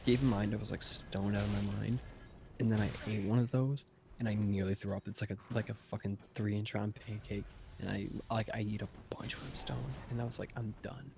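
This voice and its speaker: Casting note: man, low flat gravelly voice, rambling storyteller with a foul mouth. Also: fairly quick, background noise. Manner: profane, rambling, laid-back. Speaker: podcast host. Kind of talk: casual storytelling.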